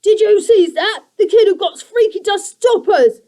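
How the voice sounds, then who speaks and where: A woman voicing a dim, fretful male creaker creature with a mumbling, burbling manner. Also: extremely high pitch, lively intonation, normal speed, mellow, voice pushed up. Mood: panicky.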